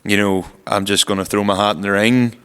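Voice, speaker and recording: A man's voice: lowish voice, steady tone, a little fast, fairly bright tone, clear, resonant tone, big-room sound. A man co-hosting a podcast, telling stories in a casual, rambling way full of fillers. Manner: rambling storyteller, lots of "like" fillers. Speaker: podcast co-host. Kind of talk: casual chat.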